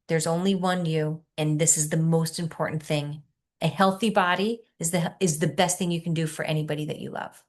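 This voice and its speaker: A woman in her fifties, a coach leading an online workshop, talking in an earnest, encouraging way and easing into soft, slow guided reflection. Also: fairly low pitch.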